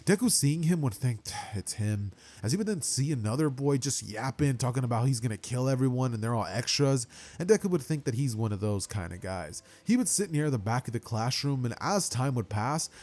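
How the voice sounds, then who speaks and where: A young man narrating a fan-made story in a loose, rambling style, full of casual slang. His pitch swings in a lively, animated way as he goes. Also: fairly quick.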